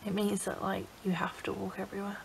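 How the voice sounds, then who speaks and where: A woman's voice: medium pitch, completely flat delivery, quick pace, creaky, slight background noise, low-quality recording. A young woman from England talking emotionally in a confessional vlog, tearful and filling her talk with "like". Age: young adult. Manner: emotional, tearful, frequent "like" fillers. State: crying. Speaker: vlogger.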